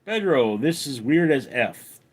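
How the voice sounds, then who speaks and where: A man hosting a livestream at home, reading chat comments aloud and answering them deadpan. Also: medium pitch, a little slow. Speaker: livestream host.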